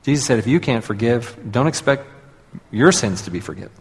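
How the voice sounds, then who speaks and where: A man delivers a sermon in an easy, conversational manner and has the congregation repeat lines back to him. His voice sits at a medium pitch. The sound carries the long reverb of a large hall. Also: lively intonation, fairly quick. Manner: conversational, leads audience in call-and-response. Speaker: pastor.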